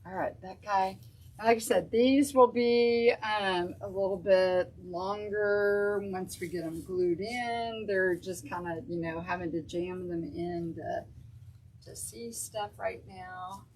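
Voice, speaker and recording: A woman's voice: mid-range voice, fairly even intonation, slow, darkish tone, slight background noise, poor audio. A woman hosting a casual craft stream, chatting and thinking aloud as she works. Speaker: craft show host. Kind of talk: casual craft livestream chat.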